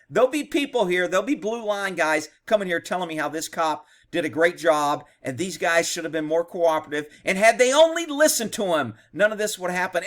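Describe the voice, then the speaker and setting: A man's voice: high-pitched, a bit bright. A man, a former police officer, giving blunt, profane, indignant commentary on a video. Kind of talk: reaction commentary.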